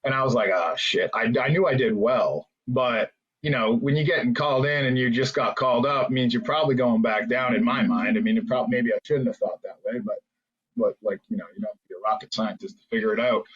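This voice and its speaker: Man, podcast guest, casual storytelling, filler-heavy rambling, middle pitch, muffled lo-fi sound. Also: quick pace, breathy edge. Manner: rambling anecdotes with many fillers and restarts. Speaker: podcast guest, former hockey player.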